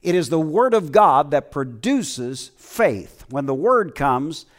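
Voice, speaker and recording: A man's voice: fairly high pitch, very animated, slow. A middle-aged man preaching a sermon as pastor, telling a story and calling out for amens, with frequent fillers.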